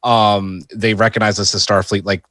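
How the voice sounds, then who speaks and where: Guy on a review podcast, lowish voice, rambles a lot, dry mic. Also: lively intonation, normal speed, a bit bright, dry recording. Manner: rambling, restarts mid-thought. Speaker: podcast co-host. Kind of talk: casual review chat.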